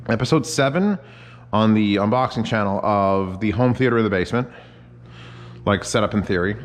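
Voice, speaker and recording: A man's voice: fairly low pitch, long reverb tail, slight background noise. Rambling, foul-mouthed man cooking at home. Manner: rambling, profane, chatty asides. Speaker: home cook vlogger. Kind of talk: casual cooking vlog. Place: home kitchen.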